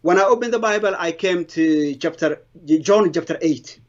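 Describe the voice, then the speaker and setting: Middle-aged guy telling his testimony, slightly high voice, halting and earnest, dull lo-fi sound. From Somalia. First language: Somali. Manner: halting, earnest storytelling with broken English grammar. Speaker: interviewee giving a testimony. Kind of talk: personal conversion testimony.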